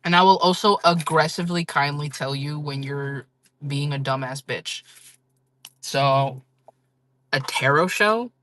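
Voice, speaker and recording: A woman's voice: low voice, measured pace, fairly bright tone. A woman chatting casually on a livestream with her viewers, blunt and frank, laughing often and swearing freely.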